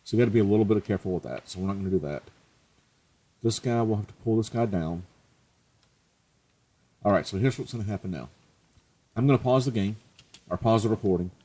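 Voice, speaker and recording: Let's play host, male, low and husky, chatty and jokey. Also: a little fast, long pauses, dark tone. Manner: chatty, joking, self-mocking. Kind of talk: casual gameplay commentary.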